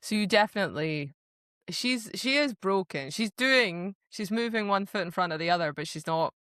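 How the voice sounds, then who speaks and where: A woman's voice: medium pitch, expressive, normal speed, a bit bright, clean tone, dry recording, clean studio sound. A woman co-hosting a book podcast, chatting bluntly and casually, with the odd swear word.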